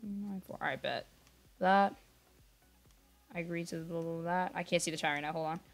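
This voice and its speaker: Soft music plays behind a young man whose slightly high voice has vocal fry and a moderate pace. He's livestreaming a game, chatting loosely with viewers, easily distracted and quick to apologize. Now and then he speaks quietly to keep noise down.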